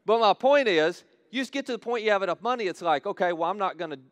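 Storytelling pastor with a dry, close sound. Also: male voice, sits high, fast, no echo. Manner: storytelling, animated, acts out quotes. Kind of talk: sermon.

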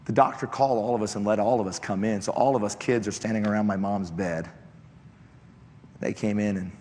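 A man preaching a sermon built on a personal testimony, telling the story in an impassioned way that climbs into shouted appeals. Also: lowish voice, steady tone, fairly quick. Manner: impassioned, rising to shouted exhortation. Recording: echoey hall, faint background noise.

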